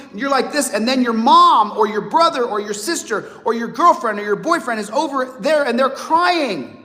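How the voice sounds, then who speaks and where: A man in his late forties talking to viewers in a blunt, animated monologue, acting out other people's voices. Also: high-pitched. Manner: blunt, profane. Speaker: host. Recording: long hall reverb.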